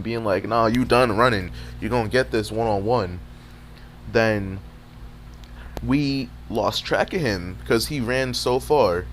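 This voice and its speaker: A young man casually telling a fight story over gameplay footage, animated and profane, full of streetwise slang, with a faint hum behind him. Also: on the low side. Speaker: gaming video creator.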